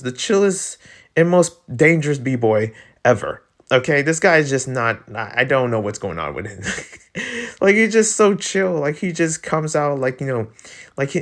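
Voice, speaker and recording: A man with a Filipino accent talks at a medium pitch in loose, excitable vlog commentary. He rambles and leans hard on fillers. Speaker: vlogger ranking breakdancers. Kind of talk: casual commentary.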